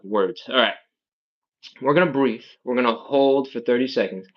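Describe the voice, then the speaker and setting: Male mobility coach, mid-pitched, calm live cueing, lo-fi stream audio. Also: moderate pace. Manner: calm, coaching, counting breaths and reps. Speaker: stretching instructor. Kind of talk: live workout instruction. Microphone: livestream setup.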